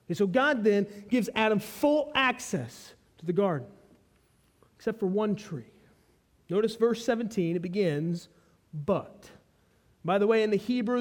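A man's voice: extremely high pitch, darkish tone. A man preaching an expository sermon, teaching with emphasis and repeating key phrases.

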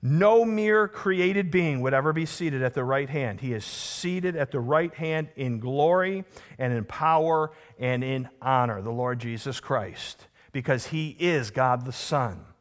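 This emphatic male pastor speaks a little slowly as he preaches, asking the congregation rhetorical questions. He moves back and forth between booming declarations and soft, low stresses.

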